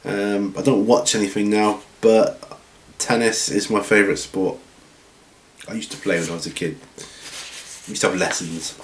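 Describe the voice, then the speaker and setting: A man hosting a hobby channel from home, chatting casually through viewer questions in a rambling, relaxed way with lots of ums and restarts. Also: on the low side, unhurried, slight background noise. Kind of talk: casual Q&A chat. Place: at home, seated with feet up. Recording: roomy room echo.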